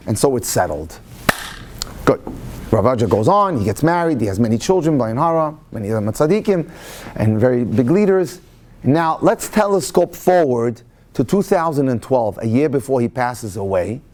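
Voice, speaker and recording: Animated rabbi telling a story. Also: male voice, medium pitch. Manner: animated storyteller mixing Hebrew phrases into English. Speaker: rabbi lecturer. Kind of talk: storytelling Torah lecture.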